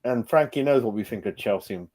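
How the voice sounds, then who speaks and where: A man's voice: medium pitch, fast, a little mellow. A man hosting a sweary post-match reaction chat, brash and matey, calling everyone "mate" and "bro".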